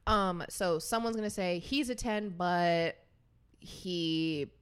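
A woman's voice: on the low side, slow, clean tone. A young woman hosting a podcast, chatting casually with her sister and laughing often. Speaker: podcast host. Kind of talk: casual chat.

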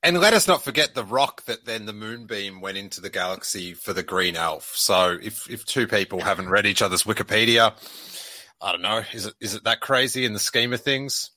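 A man with a New Zealand accent hosting a casual panel chat, halting and restarting often. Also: fairly low pitch, pushed and bright, no room sound. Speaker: podcast host.

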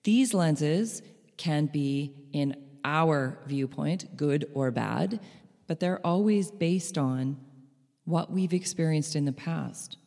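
A middle-aged woman telling a personal story to listeners, animated, laughing lightly between phrases. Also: sits low, takes it slowly, gravelly. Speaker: speaker. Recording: long hall reverb.

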